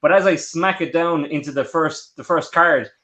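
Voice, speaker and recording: A man co-hosting a podcast, chatting casually and quickly with a ready laugh. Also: a little high, a bit bright. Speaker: podcast co-host. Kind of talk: casual chat. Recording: dull lo-fi sound.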